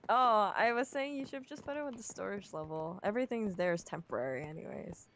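A woman's voice: medium pitch, expressive, fairly quick, a bit bright. A woman from Canada co-streaming a block-building game, chatting in a playful, teasing way. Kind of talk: casual gaming chat. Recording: noisy stream audio.

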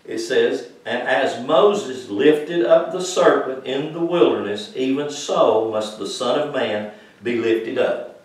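A man's voice: mid-range voice, slow pace. A man preaching a Bible-teaching sermon, emphatic and questioning his congregation directly. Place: congregation room. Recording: very echoey room from far off.

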